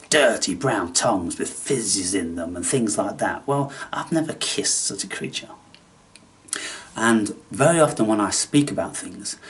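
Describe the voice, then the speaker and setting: A man hosting a spiritual channel, talking in a theatrical, taunting way that swings between loud outbursts and hushed asides. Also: lowish voice, far from the mic. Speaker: channel host. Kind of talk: spiritual vlog monologue.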